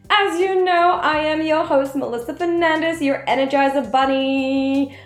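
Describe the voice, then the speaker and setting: A woman's voice: high-pitched, reverberant. Chatty heartfelt woman podcast host. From Australia. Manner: chatty and heartfelt, many "like" fillers. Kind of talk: casual solo podcast talk.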